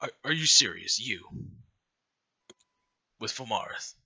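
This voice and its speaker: A man's voice: medium pitch, expressive, slow pace, bright, forceful tone, breathy edge, full character voice. A man voicing a hostile, paranoid scaly male tavern thug who mocks and threatens. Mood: incredulous. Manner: mocking, threatening.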